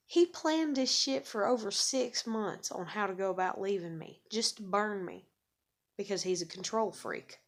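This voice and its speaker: A woman's voice: mid-range voice, moderate pace. Swearing, bitter woman ranting to camera. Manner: heavy swearing, bitter and blunt; repeats and restarts words when agitated. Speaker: vlogger. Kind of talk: angry ranting monologue to camera.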